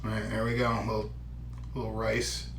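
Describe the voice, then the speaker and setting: A man casually tasting and reviewing a microwave meal on his own channel, chatty and given to loud exclamations. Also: lowish voice, monotone, a little fast, roomy sound, a little hiss or hum. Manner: chatty, exclaims loudly at hot bites. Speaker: food vlogger. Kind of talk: casual food review vlog.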